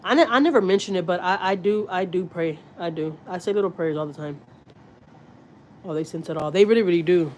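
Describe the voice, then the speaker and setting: A woman's voice: on the low side, fairly quick, slight background noise, low-quality recording. A woman, chatting candidly and at length with viewers on a livestream from her home. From Houston, Texas. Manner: candid, rambling, confiding. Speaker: family vlogger on a livestream. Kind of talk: casual livestream chat.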